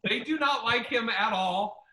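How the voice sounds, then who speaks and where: Comic podcast host, male: high, piercing voice, cursing storyteller, echoey room. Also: a little slow. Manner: profane, animated, acts out other people's lines. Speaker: podcast host and stand-up comedian. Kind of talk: casual storytelling chat. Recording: roomy echo.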